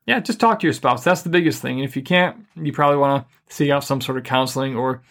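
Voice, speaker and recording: A middle-aged man co-hosting a podcast, giving relationship advice in a calm, even, deliberately unhurried way. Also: medium pitch. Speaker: podcast co-host. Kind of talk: casual advice chat.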